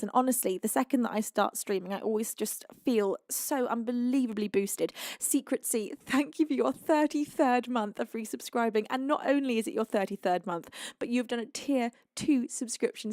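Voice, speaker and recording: A woman's voice: a little high, no room sound. Bubbly British woman streamer, dry close sound. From United Kingdom. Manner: bubbly and affectionate, playful mock-stern teasing, laughs often. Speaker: livestream singer host. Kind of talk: casual live-stream chat, thanking viewers.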